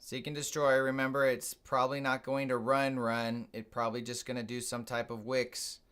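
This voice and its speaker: A man's voice: mid-range voice, completely flat delivery, normal speed, fairly bright tone, clean tone. A man hosting a live trading stream, casually thinking aloud and explaining his moves as he watches the charts.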